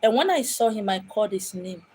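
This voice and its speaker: A woman's voice: medium pitch, animated, a little fast, darkish tone, a little hiss or hum. A woman from Abia State in Nigeria with a Nigerian accent, a spiritual medium speaking in an impassioned, dramatic monologue. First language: Igbo. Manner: dramatic, acts out quoted voices. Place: home in Lagos.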